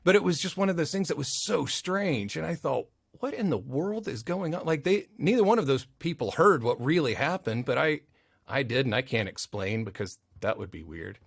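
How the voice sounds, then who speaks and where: Animated storytelling man, lively pitch. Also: moderate pace, creaky, slightly rough, dry recording, studio quality. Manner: animated, acts out quoted voices. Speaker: podcast guest, audio engineer. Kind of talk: casual interview storytelling.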